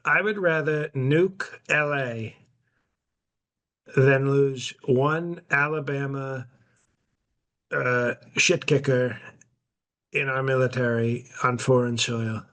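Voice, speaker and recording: A man playing a brash, boastful elderly president on a comedy podcast, rambling deadpan with constant self-interruptions. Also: mid-range voice, slow, long pauses. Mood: smug. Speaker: podcast host in character.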